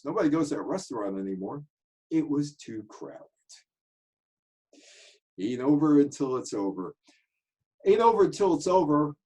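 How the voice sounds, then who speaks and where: A man telling anecdotes, animated and switching voices for quotes. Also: mid-range voice, poor audio. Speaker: commentator telling stories. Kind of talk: casual storytelling monologue.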